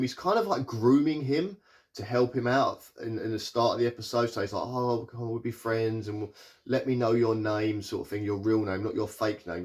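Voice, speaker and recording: Low-voiced man, casual rambling TV reviewer, filler-heavy, self-correcting. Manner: rambling, lots of fillers and restarts, paraphrases characters in quick asides. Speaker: TV show reviewer.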